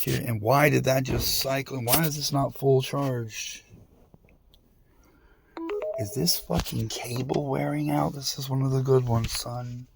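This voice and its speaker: A man's voice: medium pitch, fairly even intonation, measured pace, creaky, background noise. A man talking straight to the camera in a rambling, profane and confrontational monologue. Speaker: vlogger.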